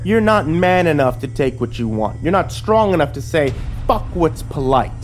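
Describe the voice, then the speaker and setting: A man's voice: fairly high pitch, big pitch swings, moderate pace, soft background music, voice pushed up. A man voicing a menacing, smug older sheriff who taunts with a sneering drawl.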